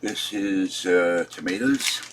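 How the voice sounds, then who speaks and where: A man's voice: deep voice, little pitch movement, slow pace, very noisy. A man in his seventies, tired and upset, rambling through a casual vlog and complaining as he trails off. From Pittsburgh. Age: 70s. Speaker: vlogger.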